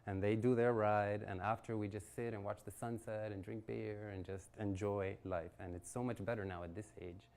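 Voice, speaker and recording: A man's voice: fairly low pitch, steady tone, normal speed, few pauses, a little mellow. A man in his forties telling a personal story at a networking event, acting out quotes and laughing often. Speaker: guest speaker. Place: event venue.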